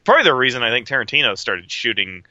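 A man chatting casually and opinionatedly about films, rambling and sometimes shouting impressions. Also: medium pitch, big pitch swings, fast talker, no echo. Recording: dry, dull lo-fi sound.

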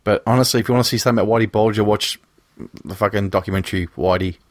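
A man's voice: on the low side, fairly even intonation, very fast, no echo, clean studio sound. A man co-hosting a casual film podcast, rambling and making crude jokes. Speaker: podcast co-host.

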